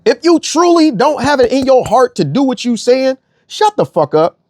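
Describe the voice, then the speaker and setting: A man's voice: extremely high pitch, very animated, normal speed, no echo, studio quality. A young man delivering a blunt, profane rant as an online commentator, repeating phrases for emphasis. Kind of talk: ranting monologue.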